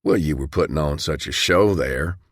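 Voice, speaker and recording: Guy doing a grinning country dentist, extra low gravelly-deep voice, bit gleeful, dry close sound. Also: moderate pace, fairly bright tone, no echo. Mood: reassuring. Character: jovial small-town man dentist, grinning.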